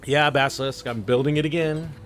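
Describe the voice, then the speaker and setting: A man's voice: fairly high pitch, steady tone, fairly quick, fairly bright tone, faint music behind. A man streaming a building game, muttering half-sentences to himself and chatting casually with his viewers. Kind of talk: casual live-stream commentary while playing.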